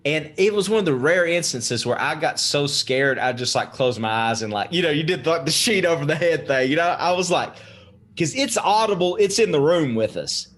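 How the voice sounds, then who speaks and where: A man's voice: fairly high pitch, animated, moderate pace, a bit bright. A young man casually telling a spooky story on a podcast, swearing freely and laughing as he goes. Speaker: podcast guest.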